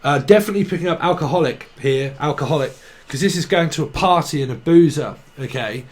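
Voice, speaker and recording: This tarot reader talks fast in a voice on the high side. His reading is a loose, rambling channelling monologue packed with free-associating wordplay and giggly asides where he laughs at himself.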